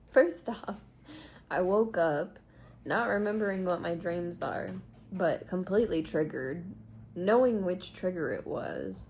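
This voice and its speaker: A woman talks through a rambling, casual vlog in a hotel room. She swears freely and leans on plenty of fillers. Her voice has a gravelly edge, with faint background noise. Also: fairly low pitch, darkish tone. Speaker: vlogger.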